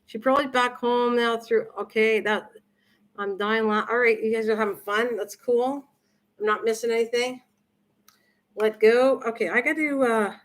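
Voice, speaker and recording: Her fairly high, somewhat bright voice carries slight background noise as she hosts a casual cooking livestream from her home kitchen. The older woman rambles warmly, reading viewer comments aloud and responding to them.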